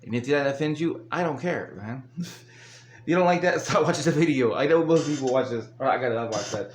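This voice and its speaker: In an echoey room with slight background noise, a man with a mid-range voice hosts a reaction video. He rants angrily, swears heavily, and breaks into laughter between outbursts of profane commentary.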